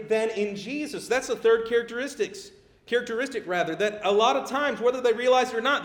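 A middle-aged man preaching a sermon in a conversational way. He gets animated when he acts out people pleading. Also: very high voice. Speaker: pastor. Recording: echoey room.

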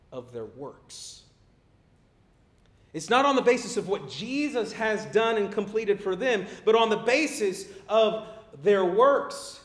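A middle-aged man preaching a sermon in a conversational way. He gets animated when he acts out people pleading. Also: sits high. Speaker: pastor. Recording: echoey room.

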